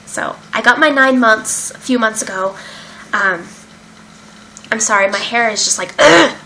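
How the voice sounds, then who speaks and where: A woman's voice: a little high, unhurried, bright, forceful tone, slight background noise, poor audio. A young woman candidly telling her own story in a casual vlog, emotional and open, with many fillers and some swearing. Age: young adult. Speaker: vlogger sharing her recovery story. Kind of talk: casual personal account.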